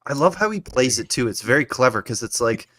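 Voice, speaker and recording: A man's voice: medium pitch, very animated, a little fast, fairly bright tone, no echo. A man co-hosting a casual movie chat, explaining how animation is made in a knowledgeable way. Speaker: podcast co-host.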